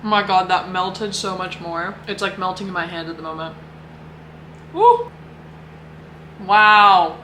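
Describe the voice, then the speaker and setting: A woman's voice: on the low side, expressive, unhurried, pauses often, pushed and bright, reverberant, a little hiss or hum. A young woman with an American accent narrating a casual food vlog in a chatty, upbeat way. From United States. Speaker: vlogger.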